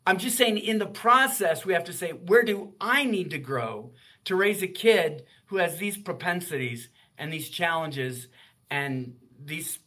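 A man's voice: on the high side, expressive, unhurried, pushed and bright. A man in his sixties, a guest author in a faith-based radio interview, talking in an earnest, heartfelt way.

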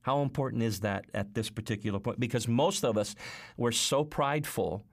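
A man's voice: mid-range voice, normal speed. A man hosting a faith radio show, asking questions in an empathetic, conversational way. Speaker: radio host. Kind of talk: faith-based radio interview.

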